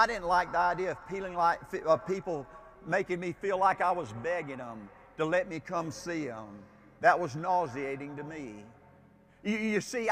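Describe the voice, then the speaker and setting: An older man giving a motivational speech, folksy and emphatic, building up to near-shouts. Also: fairly high pitch. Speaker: motivational speaker. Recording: speech with music underneath.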